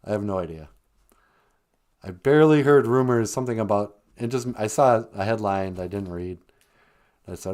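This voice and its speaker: A man hosting a morning radio show, explaining words in an easygoing, teasing way, often trailing off into low, soft asides. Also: normal speed, long pauses. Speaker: radio host teaching Ojibwe words. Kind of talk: joking morning radio chat.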